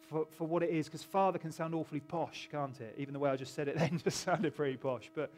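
In a church hall, a middle-aged male pastor delivers a chatty, informal sermon, cutting himself off and often stopping to joke with the congregation. His fairly high voice is a little mellow, fairly even in intonation, and fast.

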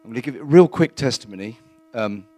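A man giving a plain-spoken, earnest testimony in church, halting now and then with fillers. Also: mid-range voice, expressive, mellow.

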